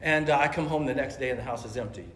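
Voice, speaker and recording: A man's voice: medium pitch, quick pace, a bit bright, slight background noise. A middle-aged man from California telling his recovery story at a meeting, in a casual, slangy way, acting out quoted lines. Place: meeting room. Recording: echoey meeting room, faint ambience.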